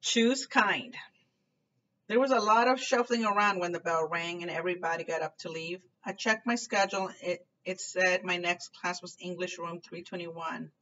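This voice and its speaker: A woman reading a children's novel aloud in a clear, expressive storytelling manner. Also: fairly low pitch, normal speed. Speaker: book reader. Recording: distant dull lo-fi recording, faint noise.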